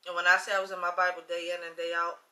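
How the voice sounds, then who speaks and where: A woman in her late thirties telling a personal story in a casual, chatty way. She acts out both sides of conversations and swings between loud and hushed. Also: fairly low pitch, monotone, rapid-fire. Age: late 30s. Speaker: vlogger sharing a personal testimony.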